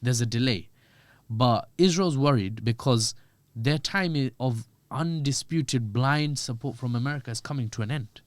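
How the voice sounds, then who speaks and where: Male guest, mid pitch, dry booth sound, chatty commentary that jokes and acts out voices. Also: moderate pace, hardly any pauses, no room sound. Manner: animated, joking, acts out quoted voices. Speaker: podcast guest. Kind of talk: conversational political commentary.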